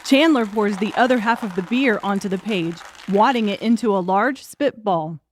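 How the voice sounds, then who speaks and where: A woman's voice: mid-range voice, normal speed, a little hiss or hum. A woman narrating an audiobook in a wry, crude comic storytelling manner.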